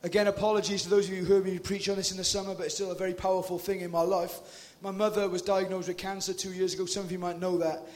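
A man's voice: high voice, little pitch movement, fast talker, hardly any pauses, a little mellow. A man from Britain, preaching a sermon to a crowd with impassioned, casual, slangy directness.

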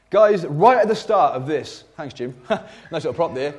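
A man in his forties delivers a church sermon with a high, very lively voice that climbs and dips constantly. He keeps it conversational and jokey, addressing the congregation directly. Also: moderate pace. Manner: animated, jokey, conversational preaching. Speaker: preacher. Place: church service.

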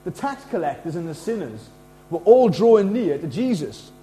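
Animated middle-aged preacher. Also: male voice, high-pitched, normal speed, low-quality recording. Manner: casual, animated preaching with lively acted quotes. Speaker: pastor. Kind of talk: sermon.

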